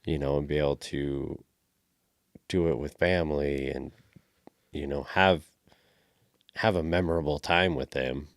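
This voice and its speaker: A man's voice: very deep voice, fairly even intonation, unhurried, pauses often, no echo, clean studio sound. A man musing on a podcast in a reflective, rambling way about family. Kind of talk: casual chat.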